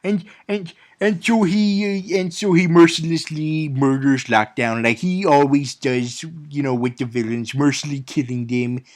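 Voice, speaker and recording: Man, sarcastic movie recap, rambling, stumbling restarts, somewhat high voice. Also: fairly even intonation, moderate pace, few pauses. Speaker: movie reviewer. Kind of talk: casual spoiler-filled movie recap.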